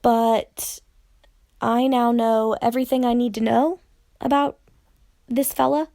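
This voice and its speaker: A woman's voice: fairly high pitch, steady tone, takes it slowly, vocal fry, dark tone, no echo, studio quality. A young woman in a ranting vlog, speaking straight to the camera in an exasperated, indignant way. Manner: exasperated, indignant, direct address. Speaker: tarot YouTuber.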